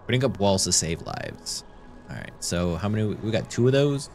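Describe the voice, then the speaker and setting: A man streams a video game as let's play commentary, chatting playfully and reading the game's lines aloud over game music. His voice is on the low side, animated and darkish, at a moderate pace.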